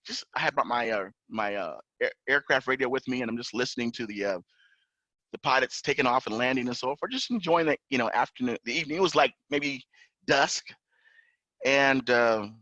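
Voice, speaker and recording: A man's voice: mid-range voice, normal speed, long pauses, dry recording. A man telling a personal story in casual chat as a podcast guest, acting out other people's lines with a raised voice. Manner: animated, acts out officers' lines in raised voice. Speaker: podcast guest, pilot and entrepreneur. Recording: dull lo-fi dry sound.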